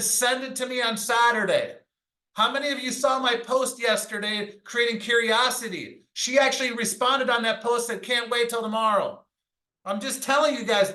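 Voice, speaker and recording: A man leading a sales training call, pumping up his team with energetic, pushy motivational talk, mild swearing and stories, often checking in with "all right?". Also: extremely high pitch, poor audio. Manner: mild swearing, tells anecdotes.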